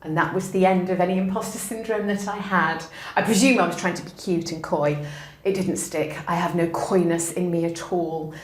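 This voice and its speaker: A woman's voice: on the low side, fairly even intonation, moderate pace. A middle-aged woman, a university educator, answering interview questions in an emphatic, encouraging way and telling anecdotes. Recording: echoey room.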